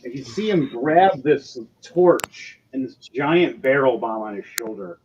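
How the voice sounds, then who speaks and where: A man's voice: medium pitch, lively intonation, measured pace, a little mellow, a little hiss or hum. A man narrating as game master of a tabletop game, loose and full of ums and uhs. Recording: slightly dull, lo-fi sound with faint music behind.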